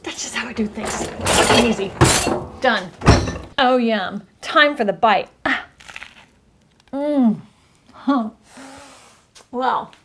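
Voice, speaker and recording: A woman's voice: fairly high pitch, extremely slow, long pauses, noisy background. A woman hosting a cooking demonstration, upbeat and exclaiming over the food, sometimes talking with her mouth full. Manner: talks with her mouth full while tasting. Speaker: cooking show host.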